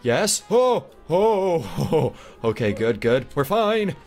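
A young man giving excitable, chatty Let's Play commentary with frequent gasps and mock-posh asides. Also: a little high, slow. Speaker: gaming YouTuber. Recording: faint background music.

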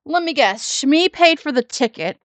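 A woman's voice: high-pitched, lively intonation, moderate pace, no echo. A woman giving sassy, mocking reaction commentary on another creator's video. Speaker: commentary YouTuber.

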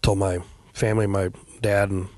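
A middle-aged man telling a personal story as a podcast guest, in a quiet, halting way with many pauses and fillers. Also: sits low, little pitch movement, dry recording. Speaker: guest, veteran paramedic.

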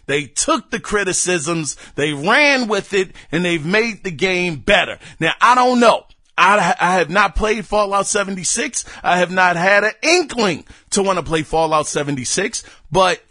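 Man, high voice, bright and forceful, dry close sound, casual slangy podcast host, animated. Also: no echo. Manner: animated, slangy, talks straight to listeners. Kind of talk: casual solo podcast commentary.

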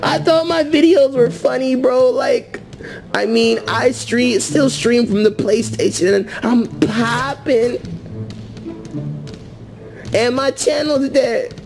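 A man puts on a whiny young guy who sobs his way through every complaint. The voice sits very high and shaky, with slow, dragging phrases. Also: steady tone, over music, full character voice. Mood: whiny sobbing. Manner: sobbing, whining, pleading.

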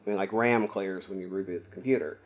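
A man's voice: sits low, fairly even intonation, fast. Guy streaming a game, chatty, over-explains stuff, tinny phone-ish audio. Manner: chatty, explains things at length, thinks aloud while playing. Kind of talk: casual gameplay stream chat.

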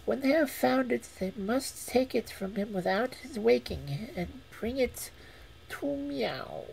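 A woman voicing a clever female cat in a read-aloud fairy tale, courteous and measured with a sly edge. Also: fairly high pitch, lively intonation, vocal fry, a little mellow, slight background noise, voice pushed up, full character voice, rough recording. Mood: instructing. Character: clever polite female cat, calm and cunning.

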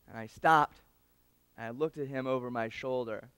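Man telling a personal story at an awards podium, animated and dynamic, smooth and clear voice, fairly high for a man. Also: fairly quick, dry recording, studio quality. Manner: animated, swings from loud to hushed; addresses the audience directly. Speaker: former patient giving an awards speech. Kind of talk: storytelling speech.

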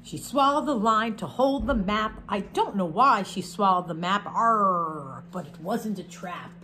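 A woman's voice: medium pitch, normal speed, background noise. Woman reading a picture book aloud. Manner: expressive read-aloud with chatty asides.

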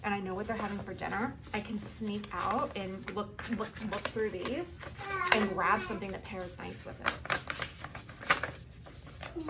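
A woman vlogging a casual product review at home, chatty and excitable as she gushes over each item. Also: medium pitch, background noise.

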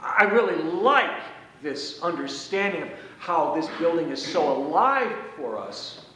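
A man priest giving a conversational, folksy sermon, slowing down to stress key phrases, in a church sanctuary. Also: a little high, sing-song, fairly bright tone. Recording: echoey church from far off.

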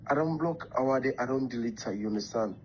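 A man's voice: mid-range voice, quick pace, a little mellow, highs cut off, slight background noise. A man with a Sierra Leonean Krio English accent leaving a private voice message, pleading and reassuring, often repeating questions to check he is understood.

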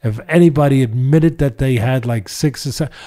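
Orta perdeden sesli yaşlı bir adam, dolambaçlı ve gündelik anlatıyor. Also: male voice, mid-range voice, brisk, warm tone. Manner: rambling, many fillers and restarts. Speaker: boxing trainer and podcast guest. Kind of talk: casual storytelling.

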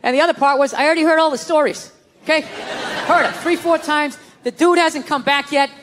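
A man's voice: very high-pitched, fairly quick, long reverb tail, a crowd in the background, background noise. Profane, exasperated male stand-up comic. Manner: profane, exasperated, shouting bursts. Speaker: stand-up comedian. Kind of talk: stand-up comedy rant. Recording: live stage with loud audience.

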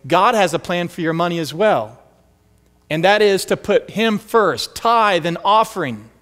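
A male pastor tells stories from the pulpit, leaning into every quoted line. His voice sits a little high for a man. The sound carries a long reverb from the sanctuary. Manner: animated, acts out quoted voices. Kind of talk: storytelling sermon. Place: church sanctuary.

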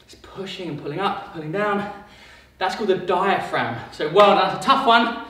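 A man's voice: sits high, normal speed, sharp tone, a little hiss or hum. A man coaching a kids' workout, upbeat and encouraging, calling out countdowns and cues between quiz questions. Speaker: fitness coach. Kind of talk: kids workout instruction with quiz. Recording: very echoey room, mic far off.

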